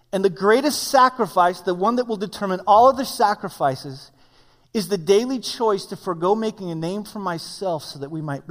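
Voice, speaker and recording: Brief: high-pitched male pastor, conversational animated sermon, echoing church hall. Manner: conversational preaching, animated storytelling. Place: church sanctuary. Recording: long hall reverb.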